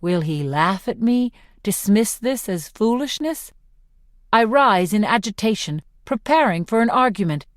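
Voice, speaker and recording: Woman, audiobook narrator, first-person narration, slow measured pace, mid pitch, dry recording. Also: lively intonation, no room sound.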